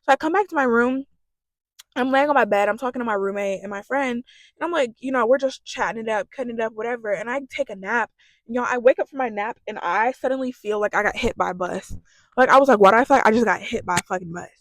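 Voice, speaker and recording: A young woman tells a storytime vlog in a rambling, casual way, swearing often and leaning on fillers. Her voice sits a little high. It is recorded close and dry, with no room sound. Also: quick pace, no echo. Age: young adult. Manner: chatty, profane, lots of fillers. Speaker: vlogger.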